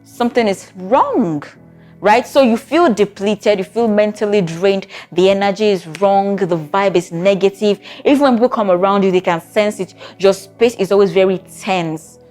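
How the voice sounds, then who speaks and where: A woman talks straight to camera as a therapist, advising on relationships. Her voice sits at a mid pitch, and she keeps it conversational, often checking in with rhetorical questions. Faint music plays behind her. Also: normal speed, darkish tone. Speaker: therapist giving relationship advice. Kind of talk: talking-to-camera advice video.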